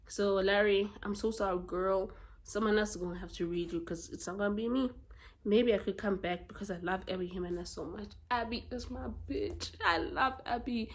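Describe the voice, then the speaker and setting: A South African woman with a South African accent, chatting casually about books she has read in a blunt, expressive way and swearing freely. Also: medium pitch, normal speed. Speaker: book vlogger. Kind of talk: casual book review chat.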